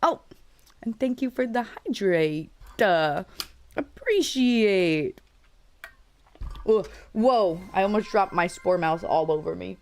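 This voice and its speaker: A woman's voice: fairly low pitch, unhurried, a little mellow. A young adult woman live streamer in casual, rambling chat with her viewers, laughing often, her voice cracking a little.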